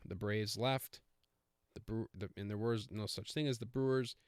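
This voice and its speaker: A man's voice: on the low side, normal speed, darkish tone, smooth, dry recording, clean studio sound. A man hosting a casual solo podcast, rambling with many fillers and self-corrections. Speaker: podcast host.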